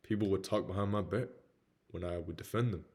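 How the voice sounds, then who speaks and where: A man's voice: low voice, steady tone, fairly quick, a little mellow, slightly rough. A young man with a Southern US accent giving a blunt, candid motivational talk about his own life. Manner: blunt, slangy, peppered with "man". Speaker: motivational speaker.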